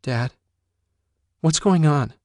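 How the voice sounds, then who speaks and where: A male narrator plays a young woman in an audiobook, her voice lifted high and tight. She is sharp and indignant, pressing every accusation hard. The read is dry and close. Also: takes it slowly, dry recording. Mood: angry.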